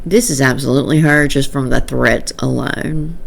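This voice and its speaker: A woman's voice: very deep voice, moderate pace, vocal fry, hardly any pauses, slight background noise. A woman commenting on online drama in a casual vlog, sarcastic and exasperated, often laughing.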